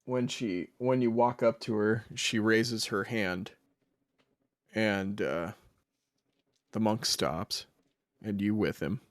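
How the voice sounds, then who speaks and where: A man's voice: lowish voice, fairly even intonation, takes it slowly, pauses often, dry recording, studio quality. A man narrating a tabletop game as dungeon master, casual and hesitant, with many fillers.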